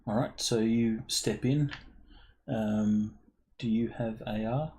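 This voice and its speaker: A man running a tabletop game as game master, narrating casually with many pauses and ums. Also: on the low side. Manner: relaxed, filler-heavy narration with ums. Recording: faint background noise.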